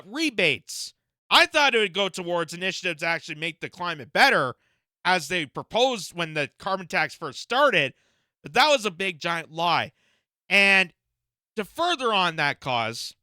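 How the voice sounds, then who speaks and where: Indignant high-voiced male commentator. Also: pushed and bright, clean tone, dry recording, clean studio sound. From Canada. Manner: indignant, rhetorical questions, frequent fillers. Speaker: political commentator. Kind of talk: reaction commentary.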